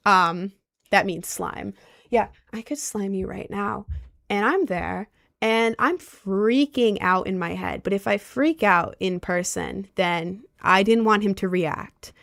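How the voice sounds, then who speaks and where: Gravelly young woman telling a story. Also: medium pitch, slow, fairly bright tone, dry recording, clean studio sound. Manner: rambling, lots of "like" fillers. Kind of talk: casual storytime.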